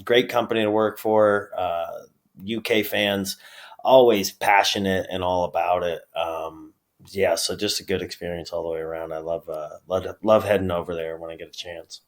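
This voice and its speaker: A man from upstate New York with a New York accent, a wrestler chatting as a guest in an easygoing, halting way. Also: sits low, flat delivery. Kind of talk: casual interview chat.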